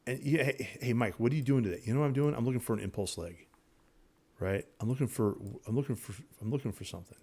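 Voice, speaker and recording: A man teaching day trading over his charts in a casual, excitable way, repeating himself and talking straight to viewers. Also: medium pitch, fast talker. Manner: excitable, repetitive, talks to viewers directly. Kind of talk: casual screen-share trading lesson.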